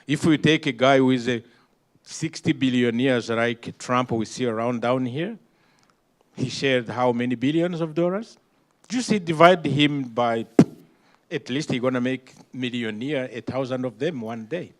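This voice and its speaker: Rwandan guy on a panel, emphatic, asks rhetorical questions, halting english, voice sits mid-range. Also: medium pitch. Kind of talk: impassioned panel remarks.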